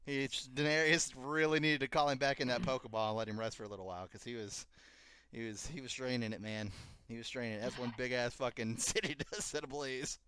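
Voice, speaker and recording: Man, casual review chat, profane and animated, bright tone, dry close sound. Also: medium pitch, brisk, clean tone, no room sound. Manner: profane, animated, mocking impressions of characters. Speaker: podcast co-host.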